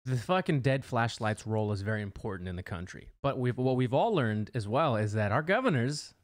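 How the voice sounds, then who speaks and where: A man's voice: medium pitch, lively intonation, brisk, dry recording, clean studio sound. Sarcastic man co-hosting a podcast. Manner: laughs easily, swears freely, sarcastic. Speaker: podcast co-host. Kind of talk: casual political chat.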